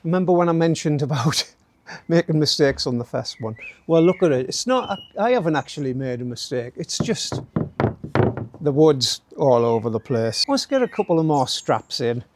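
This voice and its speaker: In a slightly high, very animated voice with a darkish tone, a middle-aged DIY channel host narrates a build a little fast. He's outdoors in a garden workspace in light rain, joking around casually and tossing in tags like "eh?" and "don't you?", with slight background noise behind him.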